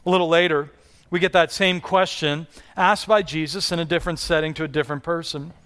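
A man's voice: on the high side, fairly even intonation, brisk, fairly bright tone. A man in his thirties giving a conversational sermon as a pastor in a large church, often repeating words as he restarts a thought. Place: large church hall with congregation.

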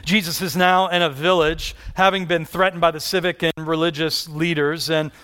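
A man's voice: fairly high pitch, little pitch movement, normal speed, fairly bright tone, clear, resonant tone. A man in his thirties giving a conversational sermon as a pastor in a large church, often repeating words as he restarts a thought. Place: large church hall with congregation.

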